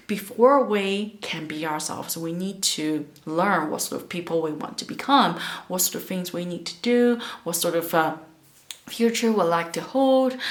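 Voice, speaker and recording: A woman speaking English as her second language shares learning tips in an expressive, emphatic way, sometimes pausing to hunt for the right word. Her voice sits a little low, and the room around her rings with a noticeable echo. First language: not English. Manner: expressive, emphatic, searching for words with fillers. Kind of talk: casual talk to camera giving tips.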